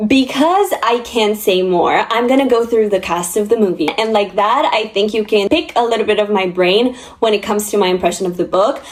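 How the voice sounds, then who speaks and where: A woman's voice: medium pitch, moderate pace, few pauses. A young woman vlogging about books, talking in a chatty, gushing and emotional way. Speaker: book vlogger. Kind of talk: casual chat.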